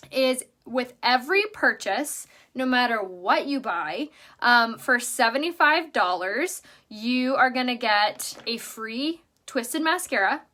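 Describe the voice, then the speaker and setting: A woman's voice: a little high, bright, forceful tone. A middle-aged woman hosting a casual makeup live stream, bubbly and chatty but tired from a late night. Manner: bubbly, chatty, greets viewers. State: tired, yawning.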